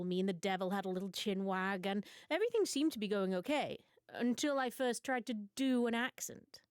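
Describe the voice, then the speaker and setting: A young woman from Britain telling absurd mock confessions to her stream audience in a deadpan, mock-serious way. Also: mid-range voice, clean tone, dry recording. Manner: mock-serious storytelling, dry absurd humor. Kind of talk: deadpan comedic monologue.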